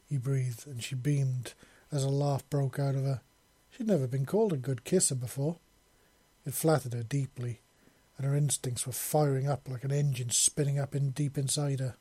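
Husky, dark-voiced male narrator. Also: mid-range voice, normal speed, no echo. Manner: steady storytelling with small self-corrections. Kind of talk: audiobook narration of a romance story.

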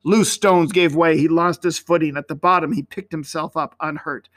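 A man reads a story aloud in a measured, expressive way. His voice is bright and a little high. The recording is dry and close. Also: dry recording.

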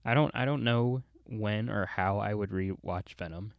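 A young man with a somewhat low voice picks films apart in casual chat. His delivery is dry and critical, and he often repeats a word before getting going. The recording is close and dry, with no room sound. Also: normal speed, gravelly, clean tone, dry recording. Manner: dry, critical, repeats words when starting.

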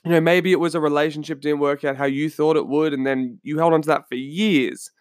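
A man's voice: fairly high pitch, fairly even intonation, a little fast, dry recording, clean studio sound. An Australian man hosting his own podcast, talking earnestly and telling a story to his listeners with questions along the way. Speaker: podcast host and coach. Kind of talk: solo podcast talk. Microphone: studio microphone.

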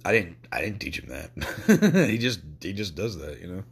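Low-pitched male podcaster, raw and emotional, cursing, stumbling over restarts. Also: big pitch swings, gravelly, breathy edge. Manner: emotional, sweary, halting restarts. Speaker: podcast host. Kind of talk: personal podcast talk.

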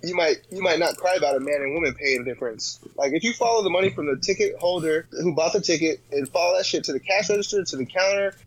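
A man's voice: on the high side, lively intonation, quick pace, hardly any pauses, rough recording. A man in a casual podcast chat, rambling and slangy, full of fillers and restarts.

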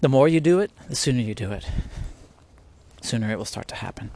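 A man talks through a podcast in a loose, unscripted way, circling back on his words and breaking into laughter. His voice sits at an ordinary middle pitch, and he sounds earnest and easygoing. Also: lively intonation, fast talker, a little mellow, a little hiss or hum. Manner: earnest, rambling, laughs often. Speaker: podcast host. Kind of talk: casual spiritual talk. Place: at home, near spiders.

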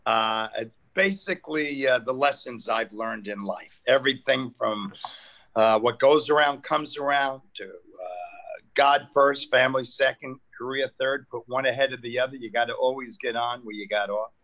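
An older man, a comedian telling stories in lively chat and acting out the people in them. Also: mid-range voice, normal speed, lo-fi sound. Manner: animated, acts out people in funny voices. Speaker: comedian guest. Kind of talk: storytelling comic chat.

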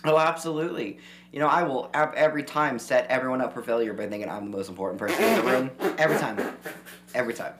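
A man's voice: medium pitch, fast, heavy background noise. A man co-hosting a casual podcast, joking about himself and laughing a lot. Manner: self-mocking, laughs a lot. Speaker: podcast co-host.

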